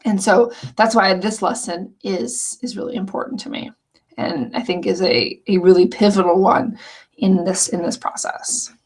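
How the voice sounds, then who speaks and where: A woman's voice: medium pitch, steady tone, moderate pace, a little mellow, husky. Earnest, chatty woman teaching a hobby course. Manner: earnest, chatty, with frequent restarts. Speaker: online scrapbooking teacher. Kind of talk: casual walkthrough of course lessons.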